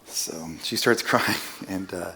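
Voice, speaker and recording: A man's voice: low-pitched, takes it slowly, gravelly, pushed and bright, slight background noise. A man preaching as a guest speaker in a church, telling a personal story in a casual, self-deprecating way with joking asides. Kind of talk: conversational sermon storytelling. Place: church sanctuary. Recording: long church-hall reverb.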